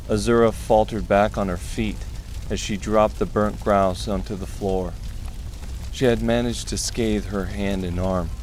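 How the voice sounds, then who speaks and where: A man narrating a dark fantasy audiobook in a steady, measured way. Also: on the low side, slight background noise.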